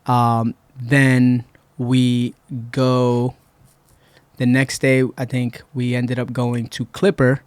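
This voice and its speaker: Man telling a story in a flat voice. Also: mid-range voice, slow pace, clear, resonant tone, dry recording. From Puerto Rico. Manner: relaxed, retells events with quoted dialogue. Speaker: podcast guest. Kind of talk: casual storytelling. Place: podcast studio.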